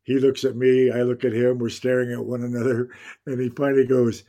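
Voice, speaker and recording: An older man spins stories from his working life in a relaxed, conversational way. His voice sits at an ordinary middle pitch, and he slips into the voices of the people he quotes as he goes. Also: brisk. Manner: animated anecdote-telling, acts out quotes, frequent laughter. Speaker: guest actor. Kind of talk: casual interview storytelling.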